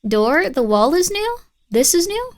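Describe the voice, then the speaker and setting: A woman's voice: very high-pitched, big pitch swings, measured pace. A woman streaming a game live, chatting playfully, scolding her pet and bantering with her viewers as she plays. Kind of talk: casual live-stream gameplay commentary.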